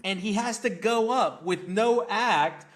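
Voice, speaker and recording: A man co-hosting a movie review podcast in casual chat, animated and laughing often. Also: high voice, takes it slowly. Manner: animated, laughs often, acts out scenes in quotes.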